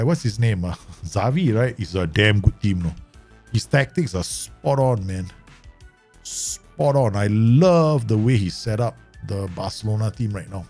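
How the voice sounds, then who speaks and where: A chatty man with a Southeast Asian English accent streams his management game, quick to laugh as he talks to his viewers. His voice is gravelly and swoops up and down as he talks. Faint game music plays under him. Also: lowish voice, darkish tone. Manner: chatty, laughs easily, talks to himself and chat. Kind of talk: live game commentary.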